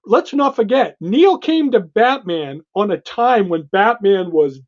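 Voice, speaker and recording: A man co-hosting a podcast, chatting with quick, enthusiastic asides. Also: sits high, animated. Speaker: podcast co-host. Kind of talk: casual chat. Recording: dull lo-fi sound.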